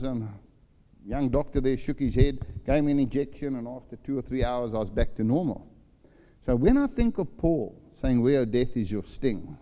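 A man's voice: medium pitch, dark tone, highs cut off. An older man preaching a sermon, telling a personal story and acting out the voices in it. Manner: storytelling, acts out voices in his anecdotes. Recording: long hall reverb.

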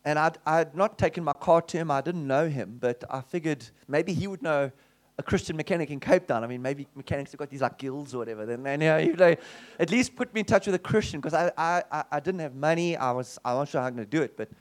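South African male preacher, slightly high voice, animated storyteller, restarts a lot. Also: fast talker. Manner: many restarts and asides. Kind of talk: testimony storytelling sermon.

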